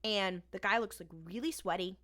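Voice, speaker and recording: Woman podcast co-host, bright and clear, casual animated recap. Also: medium pitch, normal speed. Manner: animated retelling with quoted lines.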